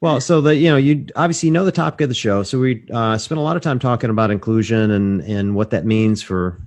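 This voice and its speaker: A man with a lowish voice hosts a relaxed podcast chat over a video call. He rambles through long, self-deprecating stories and chuckles along the way. He is from Mississippi. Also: a little fast. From Mississippi, USA. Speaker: podcast host. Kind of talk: casual interview chat.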